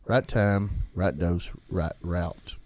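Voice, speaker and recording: A man's voice: slow, no room sound. A man co-hosting a casual podcast, teasing his partner in a playful way. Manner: playful, teasing, animated pitch swings. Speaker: podcast co-host.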